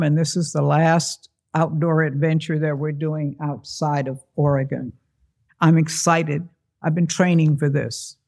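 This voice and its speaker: Telling a personal story before a live audience, a man with a gravelly, slightly higher-than-usual voice gets animated and acts out the other characters' voices.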